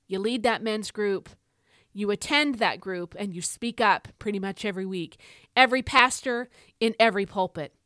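A woman's voice: medium pitch, no echo, studio quality. Fiery woman podcaster, emphatic and preachy. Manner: emphatic, preacherly, rising to shouts. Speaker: podcast host. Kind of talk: fiery devotional exhortation.

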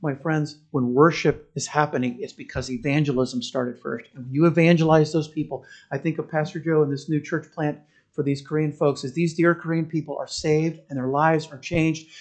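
A man delivers a sermon with fervor, his slightly raised voice climbing to loud declarations and then dropping low for stories. He slips in wry, humorous asides between the big moments. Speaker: pastor.

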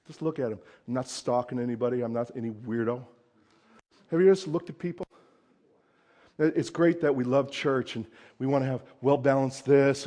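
A pastor giving a conversational sermon, swinging between loud emphasis and hushed asides. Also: male voice, mid-range voice.

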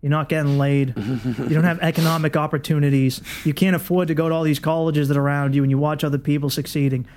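A man's voice: fairly high pitch, fairly even intonation, fast talker, a little mellow. A man with a South Boston accent in a slightly raised register, guesting on a casual radio talk show. He riffs with a wry, sardonic edge, building complaints into jokes. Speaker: comedian guest.

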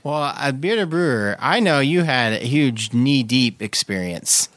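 A man's voice: medium pitch, lively intonation, measured pace, fairly bright tone, no room sound. A man hosting a casual beer podcast, laughing often and teasing his co-hosts. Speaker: podcast host. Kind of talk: casual chat.

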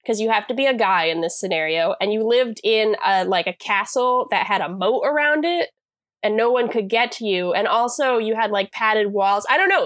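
A woman's voice: mid-range voice, expressive, moderate pace, fairly bright tone, dry recording. A woman co-hosting a podcast, chatting casually and self-deprecatingly as she recaps a TV episode, with lots of fillers. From California. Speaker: podcast co-host.

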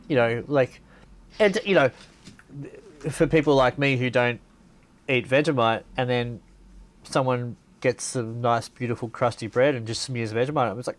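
A man's voice: mid-range voice, normal speed. A man co-hosting a casual podcast chat, musing in an easygoing, wry way. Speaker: podcast co-host.

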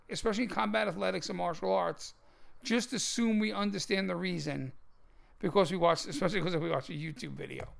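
Gravelly high-voiced man explaining emphatically. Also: a bit bright. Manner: emphatic, repeats words, instructive. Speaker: podcast co-host. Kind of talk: casual martial arts chat.

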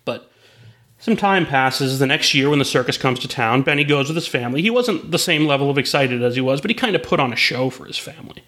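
A man's voice: medium pitch, animated, fast talker, bright, forceful tone. A man telling a long story in a rambling way, with restarts and asides. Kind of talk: spoken storytelling.

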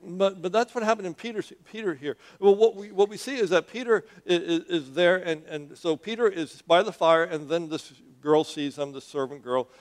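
A male preacher delivers a sermon in a church in a conversational, animated way. He questions his listeners directly as he tells the story. His voice sits somewhat high. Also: moderate pace, hardly any pauses.

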